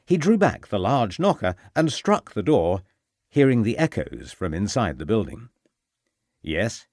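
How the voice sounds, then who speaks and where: A man narrating a mystery audiobook in a measured, expressive way. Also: fairly low pitch, dry recording, studio quality.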